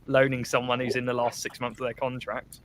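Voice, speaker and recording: A man hosting a relaxed football chat with his mates, chatty and laughing easily. His voice sits in an ordinary middle pitch. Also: a little fast, slight background noise. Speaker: podcast host. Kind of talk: casual chat among mates.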